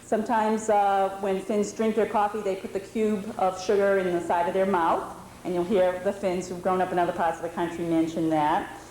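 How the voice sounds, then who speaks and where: A woman's voice: mid-range voice, little pitch movement, normal speed, a little mellow. A woman in her forties from New England, giving an informal, explanatory talk to a meeting audience. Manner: explanatory, conversational, with fillers. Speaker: presenter at a historical society meeting. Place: indoor lodge meeting hall. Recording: roomy hall recording with faint background noise.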